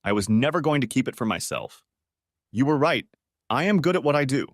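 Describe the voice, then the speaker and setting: A man voicing a distraught, pleading middle-aged wife in an audio story, lifting his voice higher for her lines. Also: expressive, a little fast, dry recording, clean studio sound.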